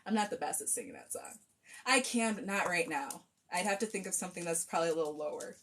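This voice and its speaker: A woman's voice: fairly low pitch, very animated, fast, a bit bright, a little hiss or hum. A young adult woman chatting casually with viewers on a live stream from her phone, rambling and effusive.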